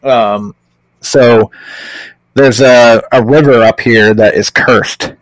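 Swearing, animated man telling stories. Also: medium pitch, slow, no room sound, rough recording. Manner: animated storyteller, swears freely, acts out quotes. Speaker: podcast guest. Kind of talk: casual podcast chat, storytelling.

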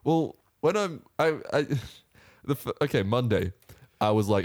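Laid-back young man, low voice. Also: sing-song, unhurried, darkish tone, no echo, studio quality. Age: young adult. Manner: laid-back, easygoing storytelling. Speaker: podcast co-host. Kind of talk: casual chat.

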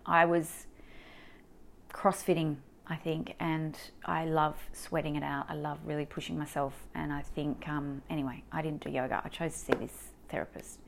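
A woman's voice: deep voice, gravelly. An Australian woman telling a personal story in a candid, emotional way, full of fillers and restarts. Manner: emotional, animated retelling with many fillers. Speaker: mother sharing a personal story.

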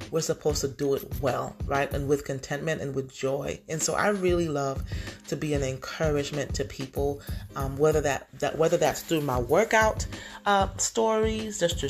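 Woman, podcast host, low gravelly voice, earnest devotional monologue, soft music under her. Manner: heartfelt, emotional, teary at times.

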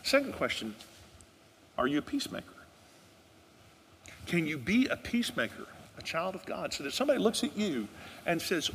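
A man's voice: sits high, sing-song, moderate pace, pauses often, fairly bright tone, long reverb tail, a little hiss or hum. A male pastor preaching a sermon, telling a story in an earnest way and asking the congregation questions.

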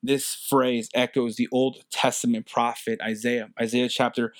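A man's voice: mid-range voice, little pitch movement, measured pace, no echo, clean studio sound. A man preaching a sermon in an earnest way, repeating key phrases and adding casual fillers. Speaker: pastor.

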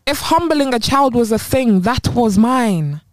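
A young woman with a British accent, co-hosting a casual podcast chat with friends and telling stories in a blunt, slangy, animated way. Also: on the high side, unhurried, no echo, studio quality. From England. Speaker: podcast co-host.

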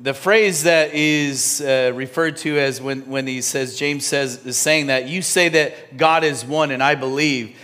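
A man preaching a sermon in a church, talking to the congregation in a conversational way that swings from loud and emphatic to soft, almost whispered. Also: medium pitch, fairly even intonation, measured pace, few pauses. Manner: conversational, with restarts and asides to the congregation. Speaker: pastor.

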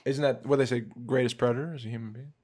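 A young man in casual podcast chat, joking and reacting in relaxed banter. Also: mid-range voice, rapid-fire, slightly rough.

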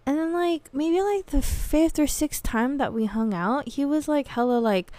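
A woman's voice: sits high, unhurried, hardly any pauses, dark tone, no echo. A young woman telling a blunt, profane, slang-heavy story as a podcast host. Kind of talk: casual storytelling monologue.

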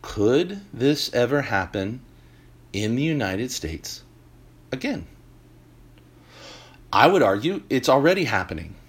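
A man hosting a talk show, delivering an animated opinion monologue with emphatic points and joking asides. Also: medium pitch, slow, long pauses, breathy edge. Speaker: podcast host.

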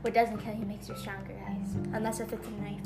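A woman's voice: medium pitch, level tone, fairly quick, vocal fry, over loud music. A woman in a casual family devotional talk, rambling and acting out the voices she quotes. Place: home.

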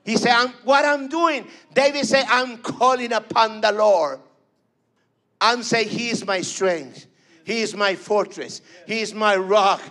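A man's voice: sits high, measured pace, sharp tone. A man preaching a fervent sermon, repeating phrases and calling for responses.

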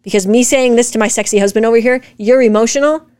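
A woman co-hosting a casual chat with her husband, talking in an animated, direct and profane way as she argues her point. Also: a little high, very fast, clear, resonant tone, dry recording, clean studio sound. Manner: animated, direct and profane, rants with rising emphasis. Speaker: co-host, wife. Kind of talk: casual podcast chat reacting to comments.

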